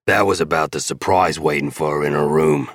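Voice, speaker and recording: A man's voice: rumbling low, steady tone, fairly quick, a bit bright, no room sound, clean studio sound. A man narrating a romance audiobook in the first person, blunt and swearing freely.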